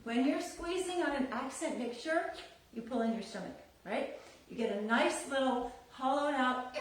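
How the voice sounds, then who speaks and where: Woman dance teacher, slightly high voice, sing-song counting, heard far off in a very echoey room. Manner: counts beats aloud in a sing-song rhythm; chatty, encouraging explanations. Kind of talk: live online dance class instruction.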